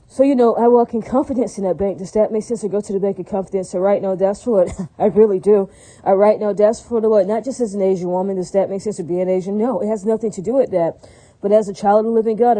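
A woman's voice: mid-range voice, mellow, rough recording. A woman in a rambling casual monologue, preachy and full of religious phrases, often asking "does that make sense".

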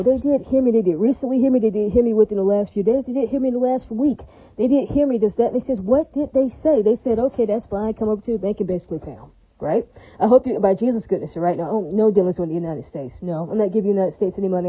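A woman delivering a rambling solo monologue at a quick clip. Her voice is very dark and mellow. She keeps repeating herself, drops in religious asides and checks that her listeners follow. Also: medium pitch, husky, low-quality recording. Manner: frequent religious interjections.

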